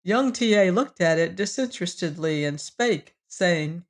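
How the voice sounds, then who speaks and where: A woman narrating a classic novel as an audiobook, measured and expressive. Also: on the low side. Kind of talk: scripted narration.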